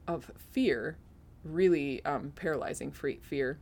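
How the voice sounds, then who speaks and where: A middle-aged woman with a low voice gives an earnest faith testimony on her podcast. She sounds teary-eyed and emotional, and now and then she laughs at herself. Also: takes it slowly, a little mellow. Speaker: podcast host.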